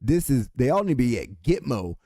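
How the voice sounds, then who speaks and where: Male political commentator from California, heated profane rant, mid pitch, dry. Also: very animated, brisk, mellow, dry recording.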